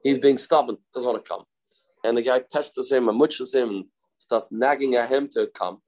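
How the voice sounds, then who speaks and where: A man's voice: mid-range voice, animated, a little fast, low-quality recording. Man teaching a Talmud lesson. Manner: conversational, repeats his points and uses everyday examples; mixes English with Hebrew and Aramaic study terms.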